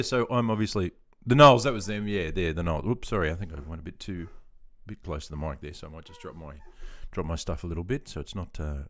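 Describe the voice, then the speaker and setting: An Australian man in his fifties, chatting in a rambling, self-deprecating way while reading out chat on a gaming live stream. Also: low voice. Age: 50s.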